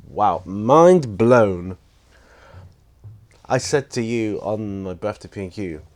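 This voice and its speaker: A man's voice: lowish voice, a little mellow. A man, chatting enthusiastically and ramblingly with many fillers in a casual unboxing vlog. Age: 50s. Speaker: hobby vlogger.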